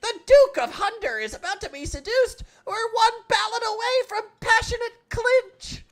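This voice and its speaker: A woman squeaking as a pompous mushroom man. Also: animated, moderate pace, faint music behind. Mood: melodramatic. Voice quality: squeaky and theatrical. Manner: urgent and melodramatic. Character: fussy, pompous male mushroom customer. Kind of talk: voicing game characters.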